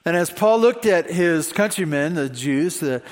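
A man's voice: a little high, animated, unhurried. A male pastor preaching a sermon in a conversational way, with rhetorical questions. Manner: conversational, many fillers and restarts, rhetorical questions.

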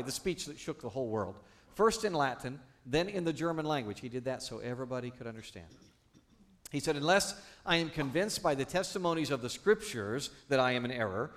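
A man, a pastor, preaching a sermon with animated, playful asides to the congregation. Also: on the high side.

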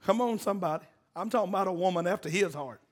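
A man delivers a sermon. His voice sits high for a man, and he calls out to the congregation for answers and jokes with them in a homespun way. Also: fast talker. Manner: call-and-response exhorting, folksy and joking. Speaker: preacher.

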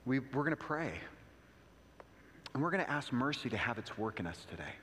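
A man preaching a sermon as pastor, telling a story conversationally with asides and rising pitch for emphasis. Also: big pitch swings, brisk, bright, forceful tone, a little hiss or hum. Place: church sanctuary. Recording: long hall reverb.

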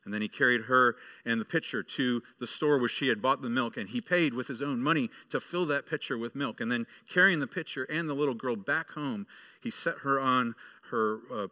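A male pastor delivers a sermon with a bright, ringing tone. He speaks directly to the children in the room and tells them a story. He then builds to firm, emphatic preaching. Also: medium pitch, a little fast.

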